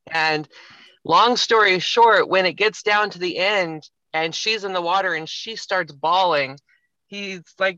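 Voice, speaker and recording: A man's voice: high voice, measured pace, sharp tone, no echo. A man guesting on a podcast, reflectively retelling a story in a casual chat. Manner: reflective, retells a film scene in detail. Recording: slightly muffled, lo-fi.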